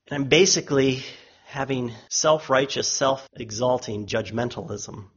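A man preaching a sermon, emphatic, lifting his voice when he quotes others and dropping low and quiet on solemn lines, with a husky tone. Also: moderate pace, muffled recording.

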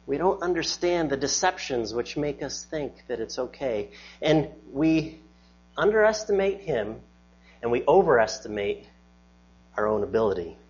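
Husky-voiced male pastor preaching earnestly. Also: mid-range voice, expressive, moderate pace, a little mellow, dull audio. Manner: earnest, emphatic, repeats words when restarting. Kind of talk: sermon.

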